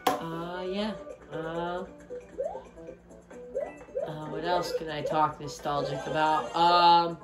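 A young man giving casual let's-play commentary, chatty and excitable, a little hoarse as he gets his voice back. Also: on the high side, slow pace, long pauses. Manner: chatty, excitable reactions to the game. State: hoarse, recovering from losing his voice. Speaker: gameplay commentator. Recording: roomy room with game music.

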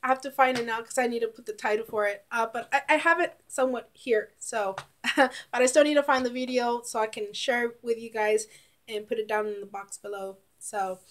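A woman's voice: a little high, brisk, slight background noise. A woman giving casual reaction commentary as a YouTuber, rambling with many fillers and fighting back tears.

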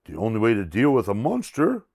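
A man's voice: fairly low pitch, huge pitch swings, brisk, a little mellow, dry recording, studio quality, heavily acted. A man voicing a clever, self-assured male owl in a storybook read aloud, sounding pleased with himself. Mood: decisive. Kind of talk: storybook reading.

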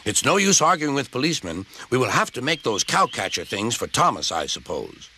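A man voicing a pompous, stout male railway director who speaks briskly and with authority. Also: mid-range voice, big pitch swings, noisy background. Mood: cheerful.

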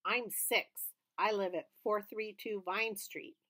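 A woman's voice: medium pitch, fairly even intonation, slow pace, bright, forceful tone. A woman voicing a whiny six-year-old boy who acts tough but scares easily, in a read-aloud storybook. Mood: boastful. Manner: whining, boastful.

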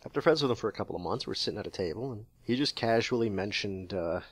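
A man's voice: fairly low pitch, animated, fast, slightly rough, no echo. A man from New England co-hosting a podcast, talking in opinionated casual chat and telling stories with acted inner voices. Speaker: podcast co-host.

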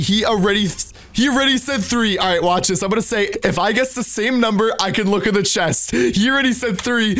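A man narrating Minecraft gameplay with excited, exclamatory commentary, talking straight to his viewers. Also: high voice, brisk, faint music behind. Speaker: Minecraft gaming YouTuber.

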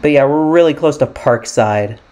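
A man's voice: a little high, normal speed, darkish tone. Rambling American man thinking aloud. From United States. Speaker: gaming YouTuber. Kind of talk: casual gameplay commentary.

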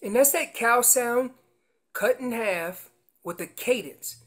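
Man teaching elk calls, animated. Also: very high voice, a little slow. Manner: explains calls step by step, emphatic and animated. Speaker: guest elk-calling instructor. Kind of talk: instructional demonstration.

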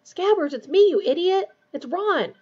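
A woman's voice: very high voice, brisk, lo-fi sound, voice pushed up. A woman reading aloud voices a hot-tempered teenage boy who hisses and scolds in a panic. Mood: hissing. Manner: hissing, scolding.

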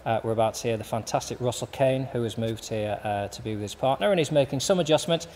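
A man hosting a charity fundraiser stream, introducing acts in a dry, self-deprecating way with halting uhs. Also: mid-range voice, a little mellow. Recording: reverberant room with faint background noise.

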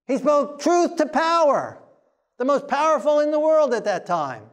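A man preaching a sermon, forceful and plain-spoken, mocking timid voices as he quotes them. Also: extremely high pitch, sing-song, unhurried.

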